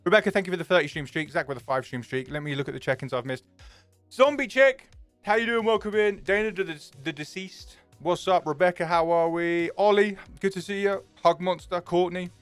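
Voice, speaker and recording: A man's voice: high voice, clear, resonant tone, no room sound, soft background music. A young man, chatting casually and jokingly with his stream viewers, swearing freely. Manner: chatty, jokey, quick to swear.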